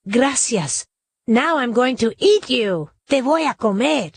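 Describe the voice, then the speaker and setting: A woman's voice: a little high, expressive, a little slow, husky, no echo, voice pushed up, heavily acted. La Culebra, a woman voicing a sly hungry snake. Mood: menacing. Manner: menacing threats.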